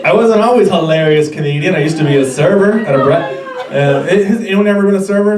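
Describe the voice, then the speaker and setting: A man's voice: on the high side, fast talker. A young man in his twenties doing a stand-up comedy set on a club stage, rambling and self-deprecating with stammering restarts. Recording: roomy club audio from far off with crowd. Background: audience laughter.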